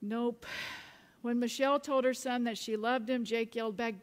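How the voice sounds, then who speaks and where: A woman pastor preaching a sermon, telling a story in a relaxed way with light chuckles. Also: fairly high pitch, a little slow. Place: church. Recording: reverberant church sanctuary.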